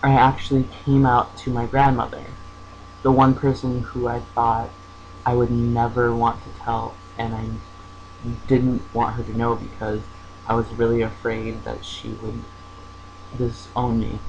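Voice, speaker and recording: A young man talks into his camera at home and tells a personal story in a hesitant way, full of fillers and restarts. His voice stays flat, with little rise and fall. A faint hum runs underneath. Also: medium pitch, a little slow, gravelly, lo-fi sound. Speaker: vlogger.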